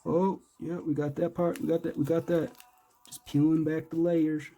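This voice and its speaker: A man's voice: a little high, flat delivery, normal speed, dark tone. A man doing casual, rambling unboxing commentary, joking, hyping himself up and cursing. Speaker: vlogger.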